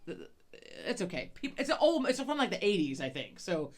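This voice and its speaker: A woman's voice: medium pitch, very animated, brisk. A woman co-hosting a podcast in casual chat, rambling and swearing often, stammering on her words. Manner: profane, rambling, frequent stammers. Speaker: podcast co-host.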